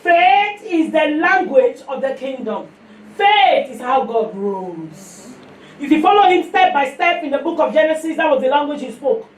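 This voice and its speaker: High-voiced Nigerian woman preaching. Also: moderate pace. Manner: animated storytelling with call-and-response. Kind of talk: sermon. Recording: echoey room, far from mic, faint noise.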